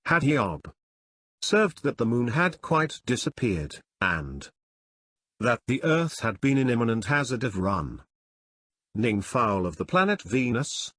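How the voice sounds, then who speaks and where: A man narrating a classic adventure novel in a measured, expressive reading. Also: mid-range voice, dry recording. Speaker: audiobook narrator. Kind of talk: scripted narration.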